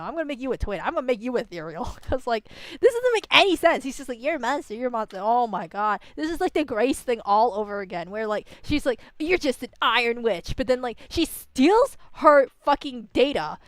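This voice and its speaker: Woman game streamer, ranting commentary, crisp close voice, dry sound. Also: fairly high pitch, dry recording. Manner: animated, ranting, swears a lot. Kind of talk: casual reaction commentary.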